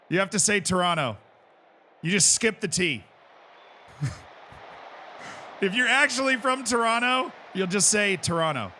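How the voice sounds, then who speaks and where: A man streaming a football management game, chatting casually and reacting loudly to the play. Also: high-pitched, a little hiss or hum. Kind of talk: casual gameplay commentary.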